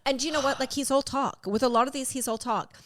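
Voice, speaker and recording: A woman co-hosting a casual podcast chat, animated, laughing often and swearing casually. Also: sits high, fast talker. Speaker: podcast co-host.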